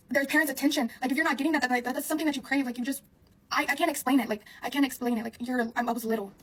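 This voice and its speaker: A woman's voice: high voice, fairly bright tone, slightly rough. A young woman telling a personal story to camera in a rambling way, full of "like" and swearing. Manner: rambling, heavy use of "like", frequent swearing. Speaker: vlogger. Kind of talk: casual storytime monologue.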